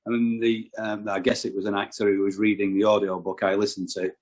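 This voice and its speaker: Low-voiced hesitant man. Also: flat delivery, a little fast, a little mellow. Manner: hesitant, stumbles and repeats words. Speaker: podcast guest. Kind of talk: casual chat.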